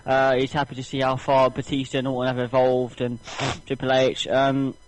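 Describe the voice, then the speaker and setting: A man's voice: mid-range voice, monotone, normal speed, poor audio. A tired, slightly ill man recapping wrestling on a casual podcast, rambling with many fillers and restarts. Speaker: podcast co-host.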